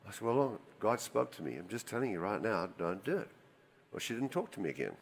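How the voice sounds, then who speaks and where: An older man preaching a sermon, telling personal stories and swinging between loud emphasis and quiet asides. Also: on the low side, very animated, fairly quick, husky. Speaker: pastor. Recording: reverberant hall.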